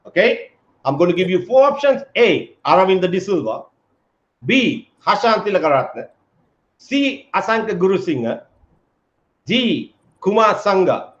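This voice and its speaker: A man's voice: high-pitched, very animated, normal speed. A man hosting a casual live-stream chat, talking with lots of fillers and calling his guest mate. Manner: chatty, many fillers, calls guest mate. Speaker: host. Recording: echoey, dull lo-fi audio.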